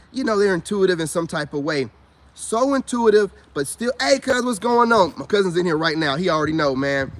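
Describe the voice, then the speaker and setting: High-voiced man ranting in casual slang. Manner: animated, preachy, rising to high-pitched exclamations. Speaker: vlogger.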